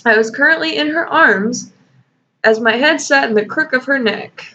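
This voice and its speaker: A woman with a high-pitched, sharp voice hosts a sarcastic reading and critique of fanfiction at a normal speed. She swears freely and laughs often, and the lo-fi home recording sounds dull with faint noise.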